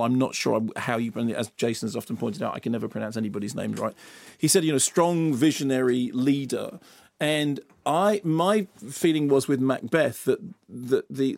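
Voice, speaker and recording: A man's voice: medium pitch, creaky, a little mellow, no room sound. A man, a film critic, talking through a movie review on a radio show in a studio, rambling from point to point with many restarts and asides. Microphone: studio microphone.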